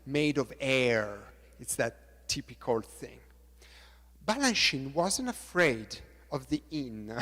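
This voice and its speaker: A middle-aged man with an Italian accent, a choreographer lecturing on dance technique, halting and repeating words, counting beats aloud. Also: a little high. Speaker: choreographer giving a talk. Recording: reverberant lecture hall.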